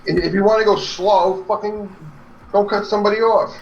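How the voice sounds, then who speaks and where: A man's voice: high-pitched, steady tone, fairly quick, gravelly, slight background noise. A man on a live-stream talk show, ranting heatedly and swearing constantly. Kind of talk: profane rant. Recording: dull lo-fi stream audio.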